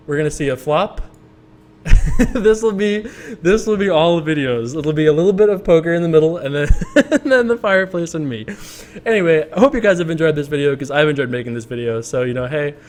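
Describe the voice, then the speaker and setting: Rambling, self-amused young man storyteller. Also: fairly high pitch. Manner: rambling, self-amused, frequent restarts and laughs. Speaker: poker video creator. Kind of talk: casual storytelling vlog commentary.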